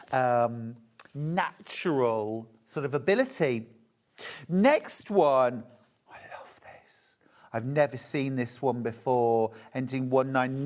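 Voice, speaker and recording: A man's voice: mid-range voice, a little mellow. A man presenting a live shopping channel show, chatty and gushing as he demonstrates fabrics. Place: TV shopping studio.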